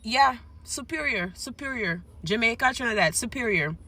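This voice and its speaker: A woman's voice: a little high, expressive, moderate pace, pushed and bright. A woman giving reaction commentary to the camera, in an emphatic, playful boasting way.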